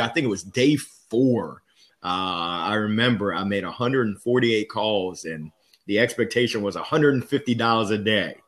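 A man's voice: on the low side, fairly bright tone. A man being interviewed as a guest on a sales podcast, telling candid, upbeat stories about his career. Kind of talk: casual interview storytelling.

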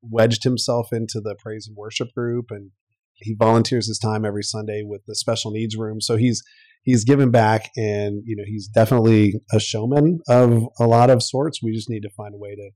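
A man's voice: on the low side, fairly even intonation, moderate pace, mellow, no room sound. Man with a dry, close sound. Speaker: parent asking questions. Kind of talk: casual interview chat.

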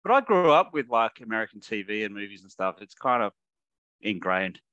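A man with an Australian accent co-hosting a podcast in relaxed, playful casual chat. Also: on the low side, brisk, no echo, muffled recording. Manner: relaxed, playful, likes cursing. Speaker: podcast co-host.

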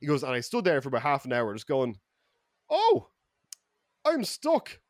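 A man with an Irish accent telling a story on a podcast in a lively, profane way, acting out the people he quotes. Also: medium pitch, very fast, dry recording, studio quality. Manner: animated, profane, quotes people in mock voices. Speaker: podcast regular. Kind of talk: casual storytelling. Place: podcast studio.

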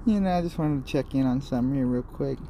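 A man's voice: mid-range voice, fast talker, warm tone. A young man hosting a casual solo podcast from inside a delivery truck, rambling and cursing as he works. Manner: rambling, profane, talks to himself while working. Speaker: podcast host. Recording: noisy truck cab recording. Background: wind and banging packages.

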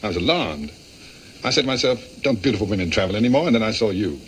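Actor playing classic-film playboy, smooth and flirty, rapid lines. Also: male voice, on the low side, lively intonation, a little hiss or hum, natural voice, rough recording. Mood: flirtatious. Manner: smooth, flirtatious, quick banter. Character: charming male playboy flirting on a ship. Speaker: film actor in a romance scene. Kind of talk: classic Hollywood film dialogue.

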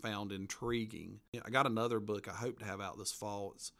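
A man's voice: fairly low pitch, fairly even intonation, moderate pace, bright, forceful tone. Folksy man telling stories. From western North Carolina mountains. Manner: folksy, rambling, laughs at his own stories. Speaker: local history author interviewed as guest. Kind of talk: casual storytelling interview.

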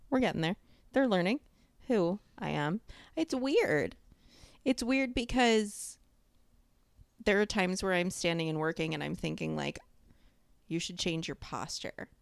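A woman co-hosting a podcast in casual chat, telling animated stories, acting out quotes and laughing often. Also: medium pitch, vocal fry, clean tone, no echo. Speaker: podcast co-host.

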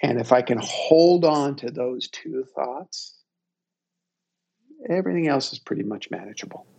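A man in his fifties, a guest telling a personal story in a reflective, unhurried and self-deprecating way. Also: medium pitch, animated, creaky, darkish tone.

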